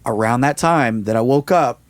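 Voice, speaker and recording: A man's voice: medium pitch, moderate pace, no echo. A man telling a personal story in a casual interview, acting out the voices of the people in it. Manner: animated storyteller, acts out quoted voices. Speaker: musician interview guest.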